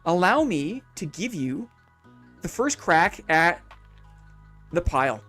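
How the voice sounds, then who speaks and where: A man's voice: sits high, sing-song, slow pace, fairly bright tone, soft background music. A man streaming a game live, chatting casually with viewers in a playful, mock-formal, upbeat way.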